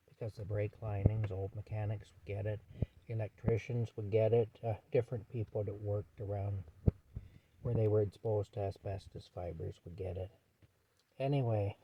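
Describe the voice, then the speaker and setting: A man's voice: lowish voice, muffled recording, slight background noise. A man vlogging from his truck, telling a story in a casual, rambling way and filling gaps with "anyway". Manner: rambling, repeats "anyway" often.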